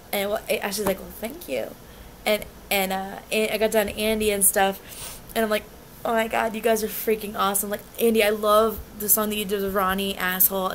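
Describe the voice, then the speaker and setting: A young woman excitedly retelling a fan meet and greet, rambling and gushing with many restarts. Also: mid-range voice, a little hiss or hum. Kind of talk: excited casual storytelling.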